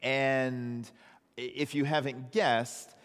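A man's voice: medium pitch, steady tone, takes it slowly, fairly bright tone, long reverb tail. A man preaching a sermon as pastor, in a conversational storytelling manner.

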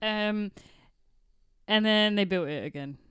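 A woman's voice: mid-range voice, unhurried, a bit bright, smooth, dry recording. A woman from England co-hosting a casual podcast, sharing fun facts with a giggly, enthusiastic manner. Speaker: podcast co-host. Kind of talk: casual chat.

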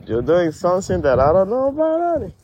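In an improvised comedy podcast sketch, a man plays a brash, pushy DJ with a Spanish accent who rambles, teases his friend and ends every phrase with "man." His voice sits high with wildly swooping pitch, a little fast and a little mellow. The audio has its highs cut off and a little hiss or hum.

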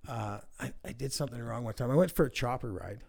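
A man tells rambling, profane stories in a relaxed conversation and keeps checking in with "right?". His voice sits at a middling pitch with a gravelly, creaky texture. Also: fast talker. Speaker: guest. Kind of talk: casual storytelling.

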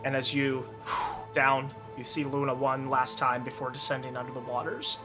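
A man's voice: mid-range voice, flat delivery, moderate pace, music in the background. A man narrating a tabletop game as game master, loose and descriptive with many fillers.

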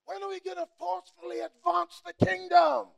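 Impassioned male preacher with a very high, gravelly voice; sermon delivery, sudden shouts. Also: level tone, fairly quick. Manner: impassioned, bursts into shouts, mimics people.

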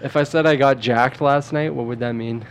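A man's voice: mid-range voice, fairly even intonation, moderate pace, slight background noise. Man quizzing friends on slang. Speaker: podcast host. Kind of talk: casual chat.

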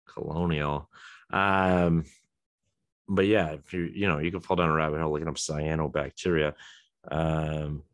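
A man's voice: sits low, fairly bright tone, no echo, studio quality. A man hosting a podcast alone, rambling casually with chuckles, many ums and restarts. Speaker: podcast host. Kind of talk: casual solo chat.

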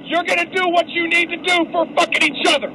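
A man giving a fierce, profane pep talk to fellow Marines, shouting and swearing as he rallies them. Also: very high voice, flat delivery, quick pace. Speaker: Marine rallying troops. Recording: loud crowd and traffic noise.

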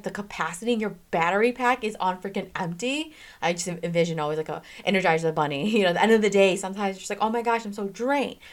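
A woman giving casual motivational advice as a podcast host, chatty and emphatic, often checking in with "okay?". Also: medium pitch. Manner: animated, swings in pace and loudness, laughs often. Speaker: self-help podcast host.

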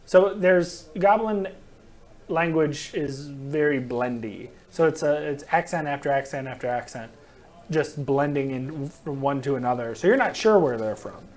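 A man's voice: fairly high pitch, lively intonation, unhurried. A man narrating as game master in a tabletop game, talking loosely with many fillers.

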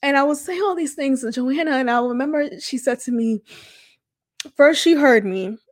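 A woman's voice: high-pitched, normal speed, no room sound, clean studio sound. Candid woman with a raised voice. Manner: candid, emotional, conversational with many fillers. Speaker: podcast host. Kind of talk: personal storytelling monologue.

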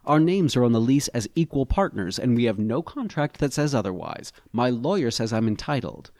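Guy doing a cool dismissive ex-boyfriend, businesslike, kinda gravelly, dry close mic. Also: medium pitch, sing-song, moderate pace, a little mellow, no room sound, pitched above the performer's own voice. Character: younger male ex-lover, cool and indifferent.

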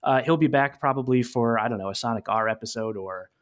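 A man's voice: mid-range voice, fast talker. A man hosting a fan podcast, upbeat and jokey as he introduces the show and guests. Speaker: podcast host. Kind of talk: casual podcast chat.

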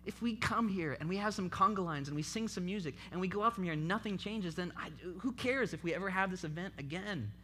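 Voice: medium pitch, expressive, quick pace, few pauses, sharp tone, a little hiss or hum. A speaker giving an impassioned sermon at a youth event, urging listeners with repeated calls. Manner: impassioned, repetitive exhortation.

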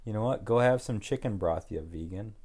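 A man's voice: lowish voice, a little fast, a little mellow, slightly rough. A man chatting casually and making dry, joking asides. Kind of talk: casual chat.

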